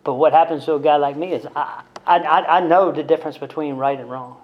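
A man's voice: a little high, fairly quick. Blunt, candid man on a muffled recording. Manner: conversational and blunt, with frequent "right?" and "man" tags; self-deprecating humor. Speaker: speaker sharing his recovery story. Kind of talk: candid storytelling talk to a group. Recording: dull lo-fi recording.

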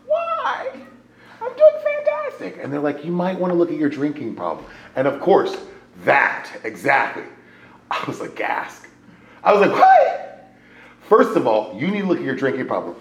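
Gravelly man telling his story in an echoey room. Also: mid-range voice. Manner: animated storyteller, swings from loud excitement to hushed near-whispers. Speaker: speaker sharing his recovery story. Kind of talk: personal testimony told to a live audience.

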